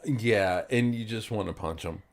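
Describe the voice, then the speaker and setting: A man's voice: lowish voice, a little slow, creaky, a little hiss or hum. A man from New Zealand co-hosting a podcast in casual chat, rambling with lots of fillers and frequent swearing. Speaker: podcast co-host.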